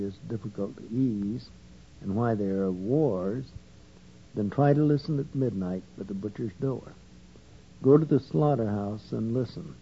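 A man reading an English translation of a Buddhist sermon in an even, measured way. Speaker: interpreter. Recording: dull lo-fi recording with faint rumble.

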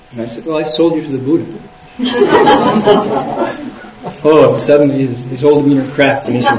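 A man interpreting a dharma talk, retelling the story in a lively way and voicing the quoted speakers. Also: fairly high pitch, measured pace, long pauses, a crowd in the background. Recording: echoey, distant, dull lo-fi recording.

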